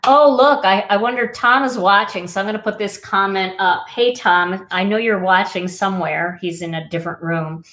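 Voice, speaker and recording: A woman's voice: medium pitch, normal speed, few pauses, fairly bright tone. A middle-aged woman hosting a crafting livestream, talking casually and reflectively with many fillers. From Wisconsin.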